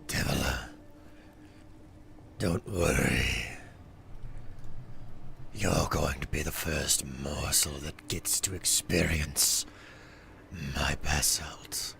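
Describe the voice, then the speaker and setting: A streamer voicing a creepy, sly ghoul in a whispered role-play, with a gravelly, drawn-out whisper. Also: male voice, extremely low pitch, pushed and bright, a little hiss or hum, voice pushed down, full character voice. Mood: menacing. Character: creepy deep-voiced ghoul, sly and menacing.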